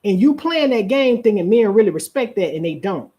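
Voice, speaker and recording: A woman's voice: mid-range voice, big pitch swings, a little fast, dark tone. Preachy woman giving relationship advice. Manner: preachy, drawls key phrases, asks rhetorical questions. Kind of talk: live-streamed talk.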